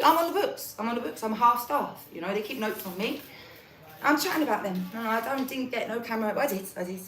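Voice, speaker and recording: A woman rambles through a restless monologue, swearing and hopping between topics. Her voice sits fairly high and comes from some way off the mic in an echoey room with a faint hum behind. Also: a bit bright, far from the mic.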